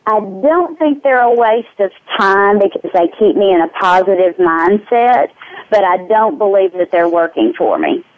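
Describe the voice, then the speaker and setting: A woman's voice: medium pitch, very animated, measured pace, dry recording, phone-quality sound. A woman answering interview questions in an earnest, candid way. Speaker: interview guest.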